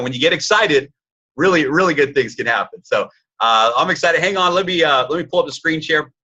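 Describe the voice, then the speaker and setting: A man's voice: medium pitch, pushed and bright, breathy edge. A man in his forties hosting a webinar, upbeat and hyped, with many fillers. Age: 40s. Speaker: webinar host. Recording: lo-fi webinar audio.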